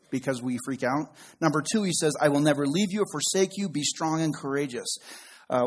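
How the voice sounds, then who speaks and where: A man's voice: on the high side, slightly rough. A middle-aged male pastor giving a conversational sermon with joking asides.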